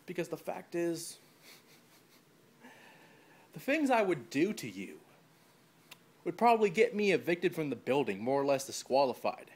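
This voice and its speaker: A man's voice: on the high side, big pitch swings, measured pace, long pauses, husky. A young man with a cold delivering a scornful, rambling trash-talk promo. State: has a cold.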